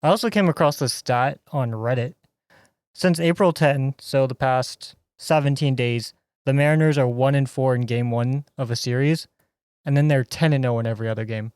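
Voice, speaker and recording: A young man answers questions with calm, fact-driven sports talk. His voice is smooth and clear. The recording is dry and close. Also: medium pitch, normal speed, no echo. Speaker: podcast co-host. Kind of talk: casual sports chat.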